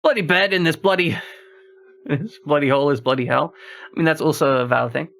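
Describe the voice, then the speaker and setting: Slightly high, gravelly, and a bit bright, a man's voice moves a little quickly as he plays a horror game on stream. He talks himself through a puzzle and keeps up casual chatter with his audience.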